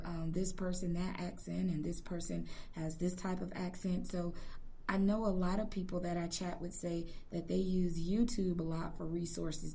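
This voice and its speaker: A woman's voice: lowish voice, gravelly, dark tone, slight background noise. Chatty woman podcast host. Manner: chatty, joking, many fillers. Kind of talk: casual interview chat.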